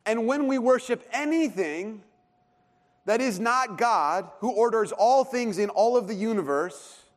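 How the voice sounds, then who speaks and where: Pastor preaching in a reverberant sanctuary. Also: male voice, high-pitched. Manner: conversational, self-deprecating storytelling. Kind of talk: sermon. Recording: long hall reverb.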